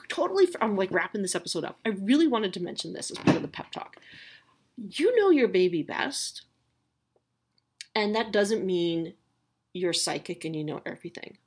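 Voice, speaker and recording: A woman's voice: medium pitch, lively intonation, a little fast, husky. A woman in her thirties hosting a podcast, giving a candid, swearing, self-mocking pep talk to new mothers. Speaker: podcast host.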